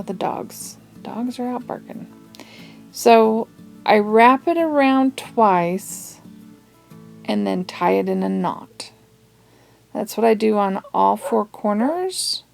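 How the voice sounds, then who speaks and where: A woman talks through a craft project in a loose, chatty way, drifting into asides and small laughs. Her voice has a gravelly fry to it, and faint guitar music plays softly behind her. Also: medium pitch. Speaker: craft tutorial host. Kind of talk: casual craft tutorial.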